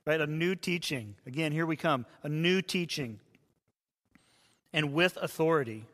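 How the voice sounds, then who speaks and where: A man who is a pastor, preaching a sermon in a conversational way and dropping to hushed tones for quoted voices. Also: on the high side, measured pace. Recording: long hall reverb.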